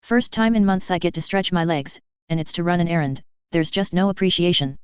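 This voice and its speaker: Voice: mid-range voice, brisk, clean tone, dry recording, lo-fi sound, close to an everyday voice. A narrator doing a sardonic spirit cat with a TV British accent. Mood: grumbling. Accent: put-on TV British. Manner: sardonic, grumbling, flirty. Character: cocky male spirit possessing a house cat.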